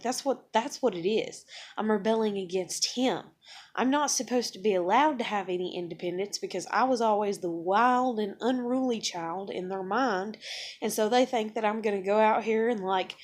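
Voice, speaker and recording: A woman venting in a personal vlog, blunt and emotional, swearing often as she talks about her life. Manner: acts out others in higher excited voices. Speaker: vlogger.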